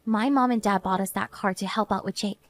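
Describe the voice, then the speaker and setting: A woman's voice: medium pitch, brisk, no room sound, natural voice. A woman voicing a worn-out young wife and mother who argues earnestly with her husband. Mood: resigned. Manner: earnest, pleading, then flat and resigned. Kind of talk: animated story narration.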